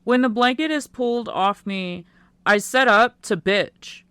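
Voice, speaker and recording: A woman narrating a first-person teen romance audiobook in a quiet, unhurried way. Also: fairly high pitch, clean tone, no echo.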